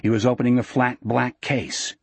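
A man narrating an audiobook in a measured, dramatic storytelling manner. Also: mid-range voice, flat delivery, creaky, husky, no echo.

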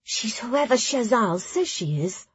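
A woman's voice: a little high, very animated, moderate pace, husky, dry recording, highs cut off, pitched above the performer's own voice, full character voice. A woman voicing a knowing young girl novice who talks in a dry, hissing way. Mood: hushed.

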